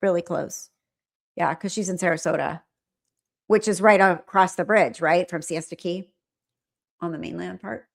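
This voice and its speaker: A woman's voice: lowish voice, steady tone, moderate pace, vocal fry, long pauses. A middle-aged woman hosting a livestream, chatting with viewers in a rambling way and often trailing off and restarting. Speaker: livestream host. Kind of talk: casual chat with viewers.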